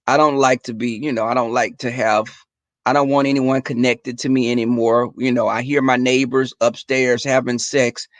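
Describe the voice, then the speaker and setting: A young adult man chatting casually and profanely to viewers in a livestream, telling animated stories. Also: medium pitch, normal speed, dry recording. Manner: profane, animated storytelling, talks to viewers as y'all. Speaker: livestream host.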